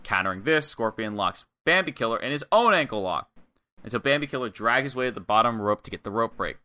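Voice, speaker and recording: A young man with a bright, forward voice walks through a wrestling match move by move in casual podcast chat. He rambles a little and slips into quick acted-out quotes, at an ordinary middle pitch. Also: lively intonation.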